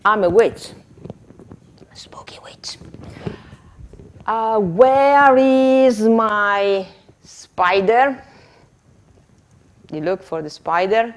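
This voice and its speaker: A woman playing a spooky, playful witch who asks slowly where her pets have gone, as a classroom role-play. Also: mid-range voice. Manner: slow, teasing, mock-searching questions.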